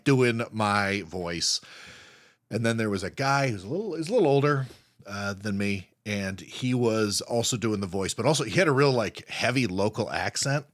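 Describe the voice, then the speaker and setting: A man co-hosting a podcast in loose, casual chat, telling stories with plenty of laughter and false starts. His voice swings widely in pitch. The sound is close and dry, with no room echo. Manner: animated storyteller, laughs often, restarts sentences. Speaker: podcast co-host.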